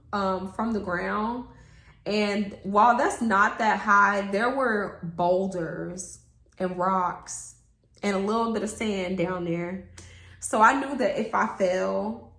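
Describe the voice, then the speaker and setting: A young woman vlogger telling a story in casual chat to her viewers, swearing freely and acting out what people said. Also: mid-range voice. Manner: animated, swears freely, acts out quotes. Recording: roomy echo.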